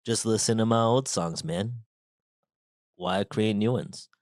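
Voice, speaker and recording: Man doing resigned songwriter impression, low, drawling, dry. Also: slow pace, a little mellow, no room sound. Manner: drawling, calls people man. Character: laid-back, resigned older male songwriter, mumbly.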